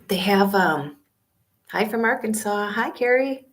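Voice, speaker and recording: A woman in her fifties chatting casually with viewers on a live stream, speaking in a hushed, half-whispered voice with many fillers, from a small library study room on a laptop microphone. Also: mid-range voice, lively intonation, a little slow. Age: 50s. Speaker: van-life vlogger hosting a live stream. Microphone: laptop webcam and built-in mic.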